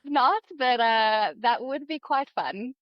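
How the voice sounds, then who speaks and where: A woman's voice: on the high side, expressive, slow pace, dry recording. South African woman in her thirties, friendly podcast guest, dry dull-toned audio. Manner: friendly, explanatory, laughs easily. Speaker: guest, dietitian. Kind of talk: podcast interview.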